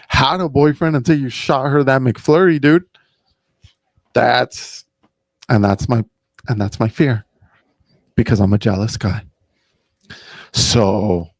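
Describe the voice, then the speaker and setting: A man's voice: mid-range voice, a little mellow, no room sound. A young man hosting a podcast, rambling casually and profanely, saying "bro" and "dude" constantly. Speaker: podcast host.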